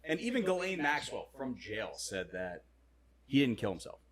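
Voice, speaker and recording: A man's voice: mid-range voice, sing-song, normal speed, crowd noise. A man who is a podcast guest, arguing and teasing in casual chat, sometimes dropping to a mutter. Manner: teasing, argumentative, drops to mutters.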